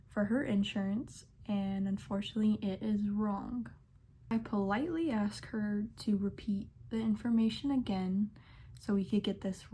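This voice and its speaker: A sassy, exasperated young woman telling workplace stories in a vlog. She speaks at an unhurried pace, her delivery dry and amused. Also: mid-range voice, warm tone, a little hiss or hum. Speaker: pharmacy technician. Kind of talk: storytime vlog narration.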